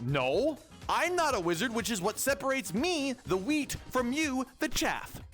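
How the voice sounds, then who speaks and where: Young vtuber guy rambling and joking w chat, high voice that jumps all over, little music behind. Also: sing-song, normal speed, a bit bright. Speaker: VTuber streamer. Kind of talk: casual livestream chat.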